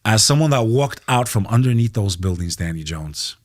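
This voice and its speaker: Heated, low-voiced middle-aged American man. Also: expressive, moderate pace, dry recording, studio quality. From United States. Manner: heated, emphatic, profane, keeps saying "bro". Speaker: podcast guest. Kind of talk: impassioned podcast talk.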